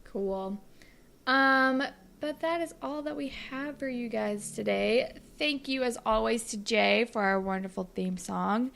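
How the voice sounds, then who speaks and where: A woman's voice: fairly high pitch, unhurried, creaky, a bit bright. A young woman co-hosting a podcast, chatting casually and rambling through an improvised story with lots of fillers. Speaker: podcast co-host. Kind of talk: casual chat.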